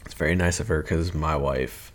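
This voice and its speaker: A man with a very low voice, co-hosting a podcast in casual chat. He answers in short, dry, deadpan quips. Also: moderate pace, a little hiss or hum. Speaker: podcast co-host.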